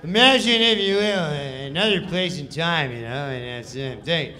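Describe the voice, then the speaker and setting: A man's voice: on the high side, pushed and bright. A lazy, mumbling comic, as a man puts him on, who stumbles through his lines with uhs and you-knows. He stays unbothered and loose. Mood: offhand. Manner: mumbling, halting, with fillers.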